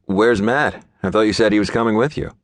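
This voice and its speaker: A man's voice: lowish voice, a little fast, no echo, pitched above the performer's own voice, natural voice. A man reading an audiobook, voicing a blunt male friend who is annoyed but concerned. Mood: prodding. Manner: blunt, prodding. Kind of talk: audiobook character voice.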